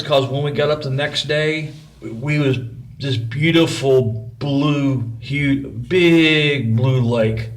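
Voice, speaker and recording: A middle-aged man telling a personal story in a folksy, rambling way. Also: mid-range voice. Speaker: vlogger.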